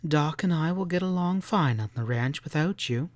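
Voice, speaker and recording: A man's voice: a little high, moderate pace, darkish tone, no echo, close to an everyday voice. A man doing Sally, a prim, firm ranch wife. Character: determined ranch wife, middle-aged woman. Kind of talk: audiobook character voice.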